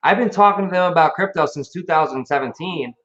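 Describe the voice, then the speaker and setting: A man talking casually on a live stream, animated, emphatic and full of swearing. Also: a little high, fairly quick. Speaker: crypto stream host. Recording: dull lo-fi stream audio.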